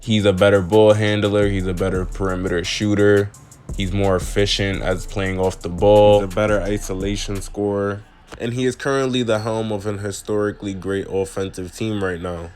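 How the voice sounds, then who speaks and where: Low-voiced young man arguing basketball rankings. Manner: confident, argumentative, reads stats off quickly. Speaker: basketball commentator. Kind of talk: scripted sports commentary.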